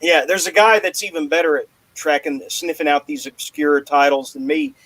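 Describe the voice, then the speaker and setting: A man's voice: fairly high pitch, steady tone, normal speed, fairly bright tone, no room sound, rough recording. A man hosting a podcast, rambling in casual chat and joking banter. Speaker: podcast host.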